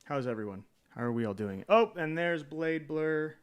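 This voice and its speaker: A man's voice: fairly high pitch, animated, normal speed, clear, resonant tone. A man streaming live in a casual chat, greeting viewers by name, rambling with hesitant fillers and self-deprecating jokes.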